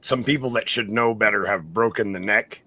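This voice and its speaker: A man's voice: fairly low pitch, normal speed, pushed and bright, a little hiss or hum. A man on a live stream explaining practical advice, with many fillers. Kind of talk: casual chat.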